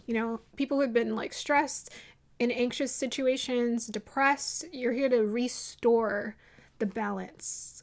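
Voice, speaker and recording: A woman's voice: a little high, moderate pace. Chatty, rambling woman reading tarot cards. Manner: chatty and rambling, laughs at her own drama; restarts sentences often, many fillers. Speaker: tarot reader. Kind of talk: casual intuitive tarot reading to camera.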